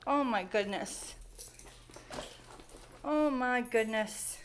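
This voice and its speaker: A woman in a casual home vlog who coos at her cat in affectionate baby talk. Her voice sits high and she speaks very slowly. A faint hiss of noise runs behind her. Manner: cooing baby talk to a pet. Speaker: cat owner. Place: home, at the front door.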